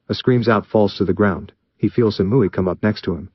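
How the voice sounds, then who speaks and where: A man narrating fan fiction aloud in a plain, steady reading voice. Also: low voice, fairly quick, hardly any pauses, husky, no echo, highs cut off.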